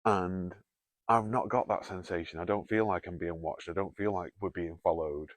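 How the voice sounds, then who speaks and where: Low-voiced joking man. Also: fairly even intonation, moderate pace, no echo. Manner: joking, swears freely, talks to the spirit directly. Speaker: paranormal investigator host. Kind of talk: casual chat during a night investigation. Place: cold canal tunnel outdoors at night.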